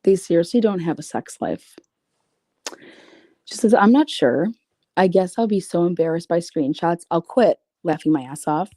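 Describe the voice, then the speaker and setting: Woman w a low dark gravelly voice, cussing and sarcastic, going thru screenshots, dry close sound. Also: lively intonation, moderate pace, dry recording. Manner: profane, blunt, sarcastic. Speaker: YouTuber reading out messages. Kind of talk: casual commentary reading screenshots.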